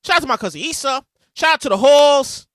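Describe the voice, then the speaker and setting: A man hosting his podcast, telling stories in a loud, animated casual monologue. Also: very high voice, a little fast, dry recording, clean studio sound. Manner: animated, loud storytelling with bursts of shouting. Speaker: podcast host. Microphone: podcast mic with a soundboard.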